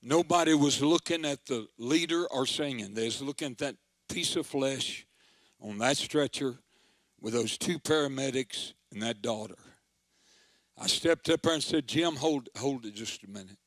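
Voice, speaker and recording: A man's voice: medium pitch, normal speed, no room sound. An older man, a country pastor telling a story in a sermon with folksy, dramatic delivery. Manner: folksy, dramatic, swells into forceful proclaiming.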